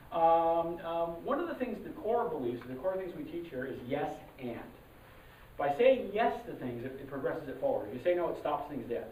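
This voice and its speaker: A member of an improv troupe warming up a live audience, talking haltingly with many fillers and restarts and loudly calling out cues to the crowd. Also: mid-range voice, a little hiss or hum. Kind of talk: live audience warm-up talk. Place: live show venue. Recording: distant, roomy, muffled live recording. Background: audience ambience.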